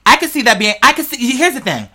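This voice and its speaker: This is a mid-range, fast-talking podcast host who chats casually and addresses listeners directly. Wild theories spill out in a slangy, profane, lively ramble.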